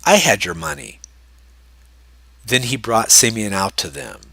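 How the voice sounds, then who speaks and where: Forceful man leading a Bible study. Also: fairly low pitch, unhurried, creaky, dry recording. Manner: animated asides, chuckles while explaining. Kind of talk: reading scripture with casual commentary.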